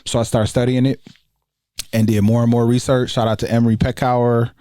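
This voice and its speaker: Man, mellow and warm, dry close sound, easygoing podcast guest. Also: medium pitch, a little fast, no room sound. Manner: relaxed, conversational, many fillers. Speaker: guest, education researcher. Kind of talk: casual podcast interview.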